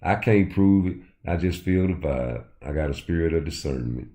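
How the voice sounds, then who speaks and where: Deep, mellow-voiced man ranting on a livestream. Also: lively intonation, normal speed. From Chicago. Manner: loose, profane, addresses chat directly. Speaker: livestream host. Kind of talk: casual livestream rant.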